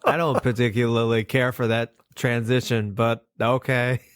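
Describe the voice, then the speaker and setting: A male podcast co-host with a nasal, clean-toned, mid-range voice speaks at normal speed with little pitch movement. On this casual podcast he reads definitions and cast lists aloud and swears casually, in clean studio sound with no room noise.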